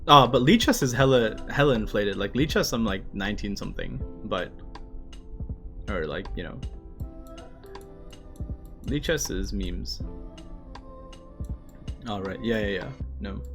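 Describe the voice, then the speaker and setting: A man's voice: lowish voice, lively intonation, a little slow, pauses often, a bit bright. Male streamer, casual manga read-along, laughs a lot, Japanese lines then English translations, faint background music.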